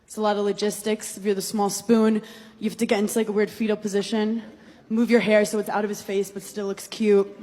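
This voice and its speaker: A woman's voice: mid-range voice, level tone, a little fast, mellow. A woman in her thirties doing brash, teasing stand-up crowd work on a club stage, often laughing mid-line, with a handheld mic. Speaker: stand-up comedian. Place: comedy club stage with live audience. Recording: live club audio, audience laughter and noise.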